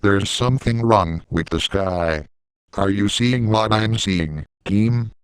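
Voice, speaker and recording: A man reading the lines of a cheerful young cartoon boy who leads a team, in his own low, clear voice. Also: slow pace, no room sound. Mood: eager.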